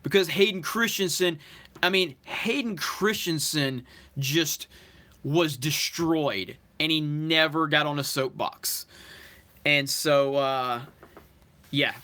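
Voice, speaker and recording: A man with a high, pushed, bright voice speaks at a slow pace while hosting a live stream. He thanks his viewers, reads their comments out loud one at a time, and responds casually and at length.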